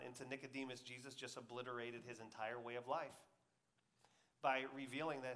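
Bright-voiced man preaching a sermon. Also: mid-range voice, level tone, normal speed. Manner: swings between loud emphatic peaks and quiet intimate asides; acts out quoted voices conversationally. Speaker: pastor.

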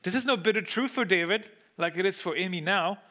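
Speaking English as a second language, a preacher addresses a congregation in a room, his voice bright, slightly high and a little fast. He explains the text, repeats words for emphasis and asks the room rhetorical questions.

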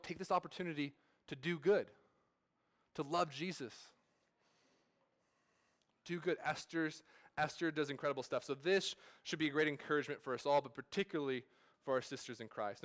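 A man in his thirties, a pastor, preaching a sermon at a church service in a casual, storytelling way full of fillers and restarts. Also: a little high.

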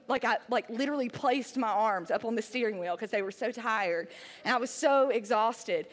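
Chatty high-voiced woman storyteller. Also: fairly quick, big-room sound. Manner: chatty, self-deprecating, many "like" fillers. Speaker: speaker. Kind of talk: humorous personal story to an audience.

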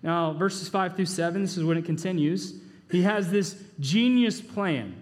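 High-voiced casual preacher in a hall. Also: male voice, measured pace. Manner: casual, joking asides and rhetorical questions. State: short on sleep. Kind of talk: conversational sermon.

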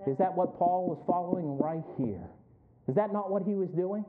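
A man's voice: high voice, moderate pace. A male pastor preaching a sermon, with emphatic, rising calls and frequent questions to the congregation. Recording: tinny phone-like sound.

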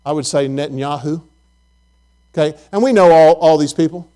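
A man's voice: a little high, normal speed, mellow. A man preaching a Bible lesson, asking his listeners questions and often repeating words as he goes.

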